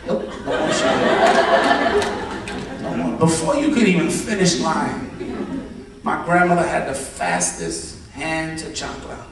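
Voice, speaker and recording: A man performing a stand-up comedy set, telling animated, profane stories and acting out voices before a live audience. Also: fairly high pitch, unhurried, long pauses, crowd noise. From Latino family. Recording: echoey live room, mic far off. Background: audience laughter.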